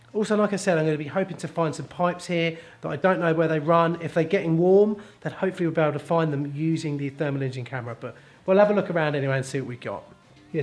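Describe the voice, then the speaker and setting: A man, a plumber, explaining his work in a chatty, jokey how-to vlog while indoors in a house. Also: a little high. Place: boot room of a house, indoors.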